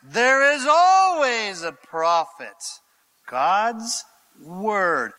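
A man's voice: high-pitched, extremely slow. A male pastor giving a conversational, theatrical sermon. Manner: animated, theatrical, conversational preaching.

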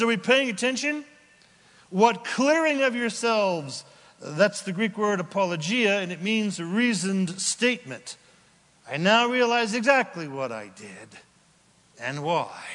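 A man preaching a sermon in a high voice, taking his time over each phrase. He swings from loud, emphatic declarations down to hushed, almost whispered lines. The sound rings with long reverb from a large church hall. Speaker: pastor.

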